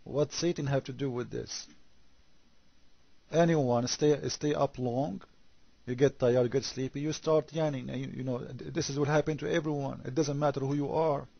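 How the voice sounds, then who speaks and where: A man's voice: medium pitch, fairly even intonation, normal speed, creaky, dry recording, muffled recording. A man whose first language is Arabic, giving sarcastic critical commentary on scripture and firing off rhetorical questions. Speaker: religious debater.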